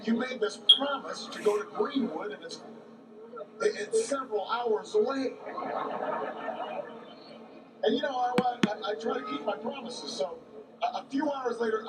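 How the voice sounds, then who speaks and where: A man giving a campaign rally speech, telling a story in a halting way with many repeated words. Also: sits high. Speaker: political candidate. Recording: echoey, distant mic, background noise.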